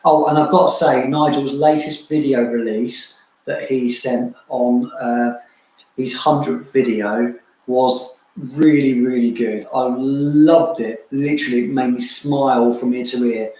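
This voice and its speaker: A man's voice: mid-range voice, fairly even intonation, unhurried, a little mellow. A chatty man co-hosts a casual livestream, bantering and thanking viewers by name. His voice sits in a very echoey room at home. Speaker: co-host of a fragrance channel livestream.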